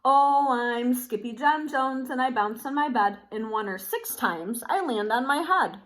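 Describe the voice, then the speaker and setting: A woman voicing a playful young male kitten with a put-on Spanish accent, high and sing-song. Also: animated, measured pace. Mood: singsong.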